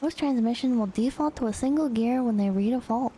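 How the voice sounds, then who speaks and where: A woman streamer telling a story in a rambling, animated way with casual swearing. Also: a little high, a little fast, husky.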